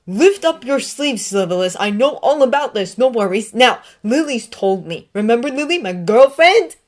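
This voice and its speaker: A woman's voice: a little high, lively intonation, normal speed, pitched above the performer's own voice, lightly acted. A woman voicing a cocky teenage wizard bully who taunts and mocks, in a read-aloud fan story. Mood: taunting. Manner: taunting, mocking, loud.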